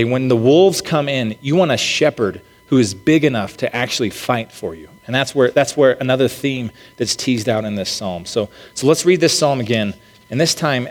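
A man giving a sermon in a casual, conversational way, with frequent restarts and check-ins with the listeners. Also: mid-range voice. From United States. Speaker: pastor. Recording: long reverb of a large hall.

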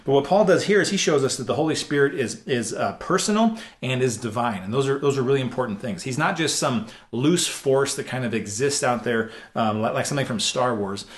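A man's voice: medium pitch, brisk, hardly any pauses. Earnest conversational male preacher. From United States. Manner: conversational, earnest, many restarts and repeated words. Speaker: pastor. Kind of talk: sermon.

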